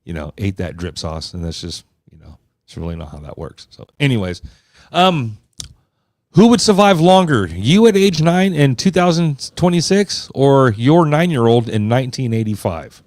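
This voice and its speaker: A man's voice: mid-range voice, sing-song, normal speed, a little mellow, dry recording, clean studio sound. A man around fifty hosting a podcast, talking loosely and rambling with lots of fillers and restarts. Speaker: podcast host. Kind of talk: casual podcast chat.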